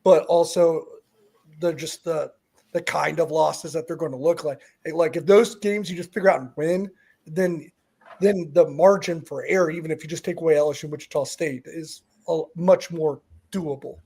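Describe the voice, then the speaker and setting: Slightly high-voiced male podcast co-host. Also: steady tone, moderate pace, creaky, warm tone, slightly rough. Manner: thoughtful, trails off, restarts sentences. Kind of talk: casual sports analysis.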